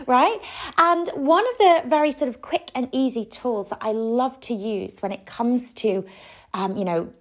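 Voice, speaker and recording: A woman podcast host and coach giving conversational advice, with frequent "you know" and "sort of" fillers. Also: fairly high pitch.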